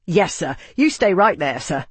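Schultz-style eager young centurion, as a narrator puts him on, loud raised calls, higher than the narration, brisk soldierly courtesy, dry close audiobook sound with no room around it. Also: male voice, sing-song, slightly rough, no echo, exaggerated voice. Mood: dutiful. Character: young male centurion on wall watch, eager and loyal.

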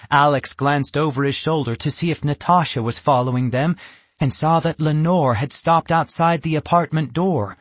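Slow, measured male narrator, husky, dry sound. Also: fairly high pitch, no echo. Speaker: audiobook narrator. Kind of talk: scripted narration.

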